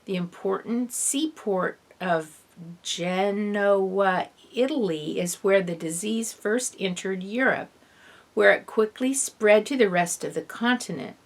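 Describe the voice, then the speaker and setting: A woman reading a first-person children's novel aloud in an expressive storybook narration. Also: mid-range voice, slow pace. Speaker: audiobook reader.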